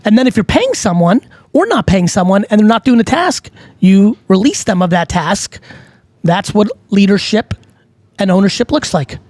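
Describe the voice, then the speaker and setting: A middle-aged man, hosting a casual advice talk in a blunt, animated, profane way. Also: sits high, normal speed, no room sound. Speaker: host.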